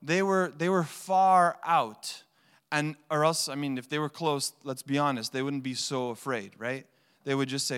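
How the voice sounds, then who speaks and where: Male pastor, conversational sermon delivery with animated quotes, clear resonant voice, echoing church hall. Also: mid-range voice, unhurried. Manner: conversational preaching, animated quoting. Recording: long hall reverb.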